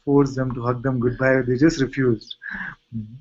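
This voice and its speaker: A man with an Indian accent, a spiritual teacher giving a gentle satsang talk full of rhetorical questions. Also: medium pitch, level tone, normal speed, lo-fi sound. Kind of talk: satsang talk and video-call chat.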